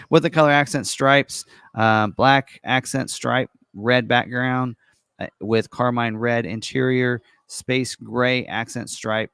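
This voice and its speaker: A man with a fairly low voice talks through an online configurator in a loose, unscripted way. He fills pauses with ums and uhs and corrects himself as he goes. The sound is dry and close, with no room echo. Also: vocal fry, fairly bright tone. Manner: casual and chatty, many ums and uhs, corrects himself on the fly. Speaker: car presenter walking through an online configurator. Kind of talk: unscripted screen walkthrough.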